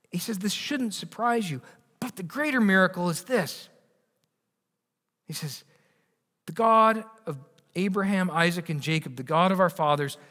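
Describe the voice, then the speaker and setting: A male pastor preaching a sermon earnestly, often restarting his words and moving between raised and hushed delivery. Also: high-pitched, long reverb tail. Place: church sanctuary.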